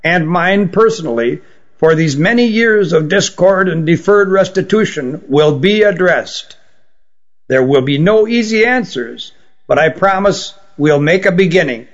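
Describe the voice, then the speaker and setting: A man reading an audiobook, voicing an ancient, remorseful queen with a slight rasp. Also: high-pitched, expressive, measured pace, voice pushed up. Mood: resolute. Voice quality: raspy. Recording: dull lo-fi recording.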